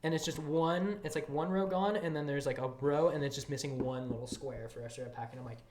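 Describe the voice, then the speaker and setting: A podcast co-host telling a story in casual chat, acting out what coworkers said in lively quoted voices. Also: mid-range voice, fast talker, a crowd in the background. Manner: animated, acts out what coworkers said. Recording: echoey room with steady noise.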